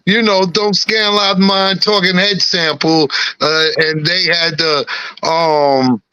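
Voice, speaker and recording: Laid-back New rapper with a lisp. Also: male voice, on the high side, steady tone, takes it slowly, bright, forceful tone, clean tone, no room sound, low-quality recording. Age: middle-aged. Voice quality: slight lisp. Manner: laid-back, laughing, peppered with "you know what I'm saying". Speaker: guest rapper. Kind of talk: casual podcast chat.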